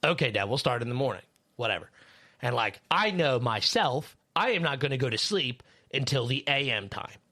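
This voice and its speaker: A man's voice: mid-range voice, animated, normal speed, sharp tone. A man co-hosting a podcast, chatting casually in a rambling way, with lots of fillers and swearing. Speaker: podcast co-host; third shift worker.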